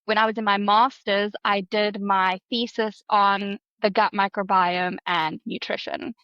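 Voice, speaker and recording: A woman's voice: medium pitch, flat delivery, a little slow, dry recording, muffled recording. South African woman explaining, friendly. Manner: friendly, explanatory, laughs easily. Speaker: guest, dietitian. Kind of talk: podcast interview.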